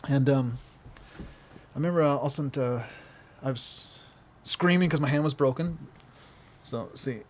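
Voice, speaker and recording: A man in his forties from Minnesota, a podcast guest telling stories in an animated, excitable way, repeating himself and acting out scenes. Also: mid-range voice, normal speed, long pauses. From Minnesota, USA. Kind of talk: animated storytelling in casual conversation.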